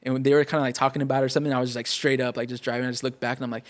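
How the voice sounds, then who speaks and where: A young man, a pastor, telling his story in a casual podcast interview, rapid and animated, full of fillers and acted-out quotes. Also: mid-range voice. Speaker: pastor and guest. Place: podcast studio.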